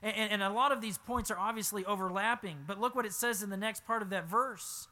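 A man preaching a sermon as pastor, reading scripture aloud and then explaining it, swinging from low asides to loud emphatic exclamations. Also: quick pace. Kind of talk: expository sermon.

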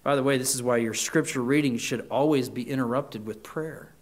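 A man's voice: medium pitch, brisk, few pauses. A middle-aged man, a pastor, preaching a sermon in an earnest way that builds to emphatic peaks.

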